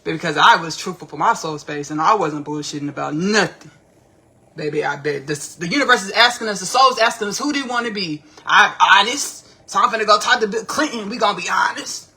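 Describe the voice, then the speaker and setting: Woman podcaster going off on a live stream, gravelly voice, kinda sharp and bright, rambles w slang. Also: medium pitch, fairly quick. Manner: animated, rambling, slangy, repeats herself. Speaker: podcast host. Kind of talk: casual livestream commentary.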